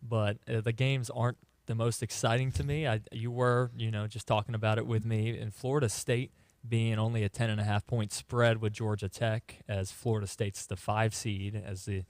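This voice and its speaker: A young man co-hosting a sports talk radio show, giving relaxed, matter-of-fact opinions. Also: fairly low pitch, moderate pace, no echo.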